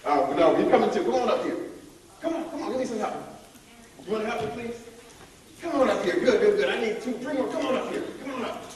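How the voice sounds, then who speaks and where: High-voiced man in an echoey hall. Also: fast, recorded from a distance, crowd noise. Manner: energetic, calls on the audience to join in. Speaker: leadership workshop speaker. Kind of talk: motivational workshop talk. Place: large echoey room at a college event. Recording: echoey room, voice heard from afar.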